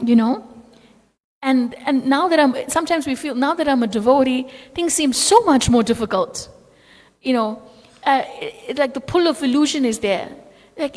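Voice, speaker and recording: A woman's voice: high-pitched, big-room sound. A woman teaching a devotional class, talking through stories conversationally and acting out the quotes. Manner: storytelling with acted quotes, conversational asides. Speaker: spiritual teacher.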